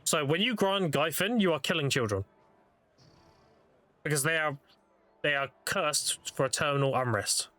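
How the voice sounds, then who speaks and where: A young man streaming a game, casually telling dark lore with plenty of swearing and loose, rambling phrasing. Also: a little high, unhurried, pauses often, no echo. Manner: profane, laid-back lore explainer. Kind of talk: casual storytelling while gaming.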